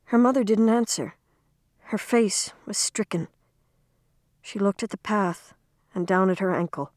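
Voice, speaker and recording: Woman calmly reading a storybook aloud. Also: mid-range voice, normal speed, no echo, clean studio sound. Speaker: reader. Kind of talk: storybook narration.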